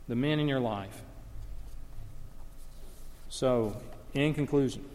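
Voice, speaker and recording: A man preaching a sermon as a pastor, swinging from hushed storytelling to loud, impassioned emphasis. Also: fairly high pitch. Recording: long reverb of a large hall.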